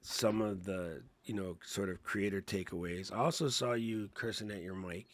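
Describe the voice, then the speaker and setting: Speaking at normal speed in a deep voice, a middle-aged man co-hosts a podcast of easygoing tech and creator chat. He laughs while working through explanations step by step.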